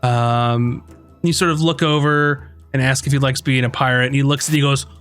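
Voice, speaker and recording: A man narrating as game master in a tabletop game, in a relaxed, chatty way with many fillers. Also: mid-range voice, normal speed, soft background music.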